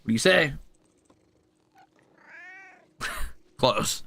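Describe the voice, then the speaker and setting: A young male streamer talks casually, coaxing and teasing with offhand swearing. His voice is bright and gravelly, swinging widely in pitch, with faint music underneath. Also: lively intonation, extremely slow. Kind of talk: casual live stream chat.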